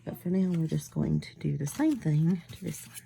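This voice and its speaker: Woman vlogging her card crafting, gravelly and dark-toned, rambling chatty talk with whispered asides, getting over a cold. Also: low-pitched, normal speed, a little hiss or hum. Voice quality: whiny-sounding. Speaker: crafting vlogger making cards. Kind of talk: casual chat while crafting.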